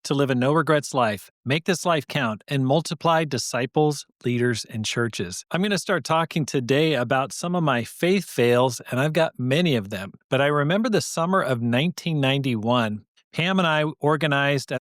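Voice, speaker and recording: A man's voice: medium pitch, moderate pace, few pauses, no echo, studio quality. A man hosting a podcast, telling a story from his time as a pastor and acting out the voices of the people in it. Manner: animated storyteller, acts out quoted voices.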